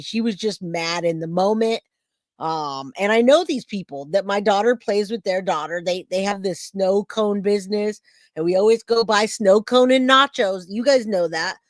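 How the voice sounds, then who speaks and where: A middle-aged woman hosting a true crime livestream, chatting casually and telling a story with lively acted-out quotes. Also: medium pitch, no room sound, clean studio sound. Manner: chatty, animated storytelling, acts out quoted voices.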